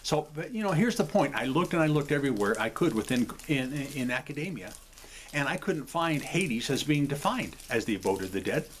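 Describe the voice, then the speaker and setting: With big pitch swings and a slightly quick pace, a man speaking in a mid-range voice hosts a video from his home. He explains things to camera loosely and at length, often apologizing and checking "okay?" A little hiss or hum is audible.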